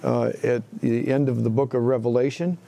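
A man's voice: mid-range voice, flat delivery, moderate pace, creaky, mellow, a little hiss or hum. A man teaching a Bible class in a conversational way, asking the class questions, echoing their answers and restarting phrases as he thinks aloud.

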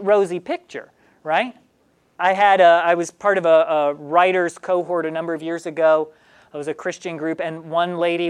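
A woman leading a group Bible study, asking questions and acting out the psalmist's words. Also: on the low side. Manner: animated, asks questions and acts out the psalmist.

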